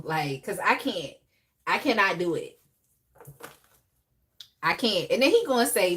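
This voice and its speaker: Woman, young adult, live tarot host, casual, animated, laughing asides. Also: lowish voice, unhurried, long pauses. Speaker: tarot reader hosting a live reading. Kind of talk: casual live-stream chat.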